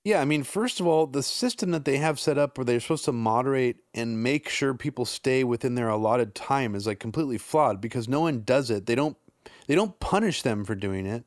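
A man's voice: medium pitch, lively intonation, brisk, no room sound, clean studio sound. A man co-hosting a podcast, chatting casually and exasperated, slangy and swearing freely. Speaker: podcast co-host. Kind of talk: casual political chat.

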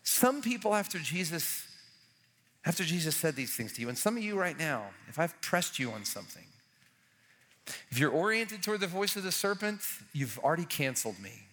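A man's voice: a little high, big pitch swings, moderate pace, a bit bright, big-room sound. A man preaching a sermon as a pastor, with earnest, urgent, repetitive exhortations to his church.

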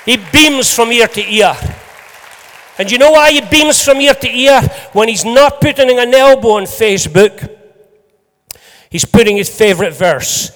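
A man preaching a sermon to a congregation in a lively, joking way, swinging between loud bursts and soft asides. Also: very high-pitched, a little slow, some chatter behind. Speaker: pastor. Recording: long hall reverb.

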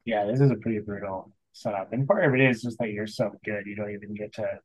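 A man's voice: lowish voice, steady tone, fast talker, dry recording. A man co-hosting a podcast, speaking hesitantly and restarting his sentences in casual sports chat. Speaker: podcast co-host. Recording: slightly muffled lo-fi audio.

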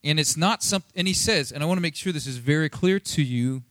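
A man preaching a sermon in a casual, conversational way, acting out quoted dialogue with animated inflection. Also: a little high, brisk, hardly any pauses, no room sound. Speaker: pastor.

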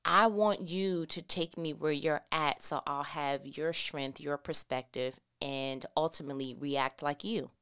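A woman's voice: low voice, unhurried, hardly any pauses, a bit bright, smooth. A woman giving a casual Bible teaching. She reads scripture aloud and breaks into playful, slangy asides.

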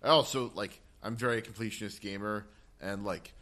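Bright-voiced man rambling about games. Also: fairly low pitch, normal speed. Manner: rambling, many fillers and restarts. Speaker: podcast co-host. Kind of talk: casual gaming podcast chat.

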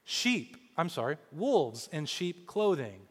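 A man from Kansas in his forties, a pastor preaching a sermon in an animated way, often repeating words as he starts a thought. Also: fairly high pitch, normal speed, in a large hall. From Kansas, USA.

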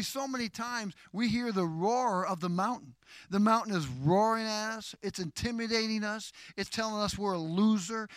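A middle-aged man preaching from the pulpit, his voice high and ringing. He builds from slow, deliberate teaching to loud, declaiming calls to his listeners. The sound is close and dry, with almost no room around it. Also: dry recording. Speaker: pastor. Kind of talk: sermon.

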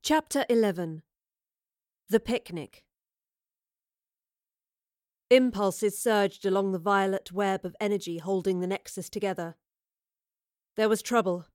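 A woman's voice: mid-range voice, a little slow, pauses often, a little mellow, dry recording. Woman narrating an audiobook, dry and close. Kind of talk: scripted narration.

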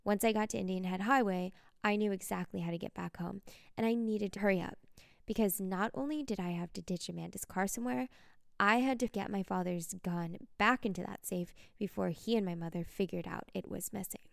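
A woman narrating a dark first-person story in a cold, menacing, profane way. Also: mid-range voice, a little fast, creaky, no room sound, clean studio sound.

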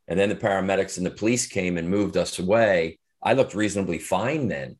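A middle-aged man with a very low, deep voice speaks as an interview guest. He tells his story earnestly and reflectively, often restarting sentences and pausing on fillers. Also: darkish tone.

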